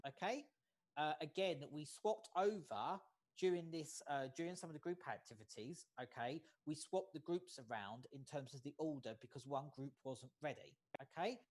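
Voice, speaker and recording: A facilitator gives an online training lecture over a video call. The pace is measured, and nearly every point ends with a checking "okay?". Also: mid-range voice, expressive. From United States. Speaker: workshop facilitator.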